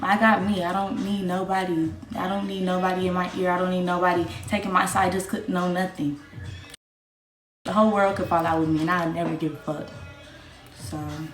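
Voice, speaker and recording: A woman's voice: fairly low pitch, flat delivery, fairly quick. Young woman streamer, ranting bluntly on a livestream, profane and defiant; recorded in an echoey room with faint music. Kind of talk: livestream rant.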